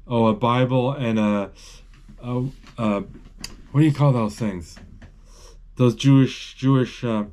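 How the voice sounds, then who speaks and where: A man giving a live, off-the-cuff retelling of a movie as he watches it, halting and correcting himself as he thinks aloud. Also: mid-range voice, steady tone, a little mellow. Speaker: channel host describing a movie. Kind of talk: live play-by-play retelling of a film.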